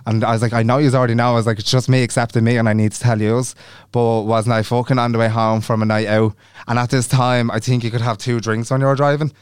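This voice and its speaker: Young male podcast co-host, rapid chatty storyteller with a smooth voice, dry close-miked sound. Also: mid-range voice, little pitch movement, no room sound. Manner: chatty storyteller who acts out quoted dialogue and swears freely. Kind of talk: casual chat.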